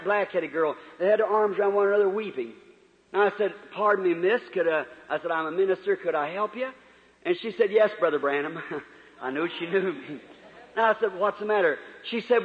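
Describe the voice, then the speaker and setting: A man preaching a revival sermon, moving between loud fervent preaching and quiet storytelling. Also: sits high. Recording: dull old hall recording with echo.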